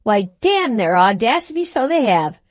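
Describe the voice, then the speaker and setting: A woman's voice: a little high, very animated, normal speed, no room sound. A woman voicing a fierce, pompous little captain who blusters and roars at his servants. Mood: blustering. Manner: blustering, roaring, wrathful.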